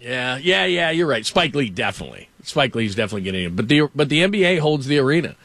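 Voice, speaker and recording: Male sports talk host, casual rambling storyteller, mid-pitched, dry studio mic. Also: very animated, quick pace, creaky, fairly bright tone, dry recording. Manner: rambling anecdotal storytelling with laughs. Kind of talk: casual sports radio chat. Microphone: studio microphone.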